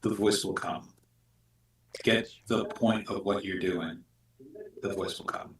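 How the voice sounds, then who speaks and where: A man's voice: lowish voice, fairly even intonation, unhurried. A man giving earnest, instructive advice to other voice actors. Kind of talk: casual advice. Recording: echoey room, far from mic.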